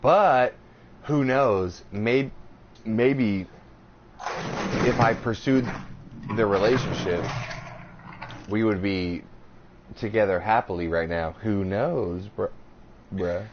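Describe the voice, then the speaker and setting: Rambling low-voiced man on a podcast. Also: takes it slowly, pauses often. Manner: rambling, crude, storytelling. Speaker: podcast co-host. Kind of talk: casual chat. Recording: slightly dull podcast audio with faint hiss.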